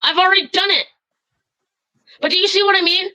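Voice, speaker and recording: A woman's voice: extremely high pitch, fairly even intonation, a little fast, pushed and bright, rough recording. A woman calling into a live stream, furious and swearing, rambling with many fillers as she tells what happened to her. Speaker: caller. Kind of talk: angry live-stream call.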